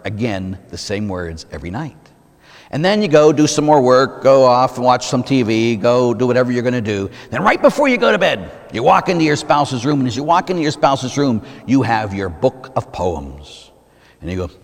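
Priest in the pulpit, middle-aged man, animated delivery, rhetorical questions, voice rings in a long church reverb. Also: medium pitch. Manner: conversational preaching with rhetorical questions and acted-out examples. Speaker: Catholic priest. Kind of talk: sermon.

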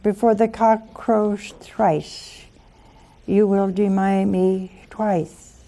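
A woman voicing Jesus as a gentle, solemn man, speaking slowly and tenderly as she retells a scripture scene. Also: mid-range voice, flat delivery.

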